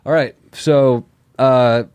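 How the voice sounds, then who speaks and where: A man co-hosting a comedy podcast, doing improv with an offhand, deadpan delivery of dark jokes. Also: medium pitch, slow, clear, resonant tone, dry recording. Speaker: podcast co-host.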